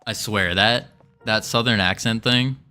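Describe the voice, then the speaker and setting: A man on a casual coding stream, talking to himself as he works through problems and cracking jokes along the way. His voice is somewhat low but bright and a little tense, and he takes his time with every sentence. Soft music plays underneath. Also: a little slow, smooth. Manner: thinks aloud, self-narrating, joking and rambling. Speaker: indie game developer streaming. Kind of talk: casual live-stream chat while coding.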